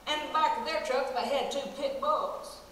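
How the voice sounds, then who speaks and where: A woman performs as a stand-up comic in character, telling folksy country comedy stories with a drawl in a chatty, playful way. Her voice is high and a bit bright at a moderate pace. The live show in a large hall is recorded from far off, echoey and noisy.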